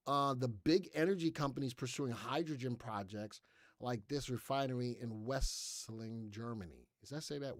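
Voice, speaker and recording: Reading market headlines out loud and brushing past chunks of them with "blah, blah," this American host keeps his live stock show chatty and informal. He speaks at a medium pitch, and the studio-quality recording has no room sound.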